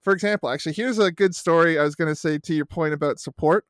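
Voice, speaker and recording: A man's voice: on the high side, fast talker, no echo, clean studio sound. A middle-aged man in casual podcast chat, telling rambling, profane youth-sports stories. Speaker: podcast co-host and youth baseball coach.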